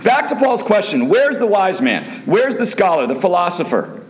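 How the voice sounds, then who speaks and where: Emphatic, animated male preacher. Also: high-pitched, normal speed, slight background noise. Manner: emphatic, repeats rhetorical questions, bursts of excitement. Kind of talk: sermon.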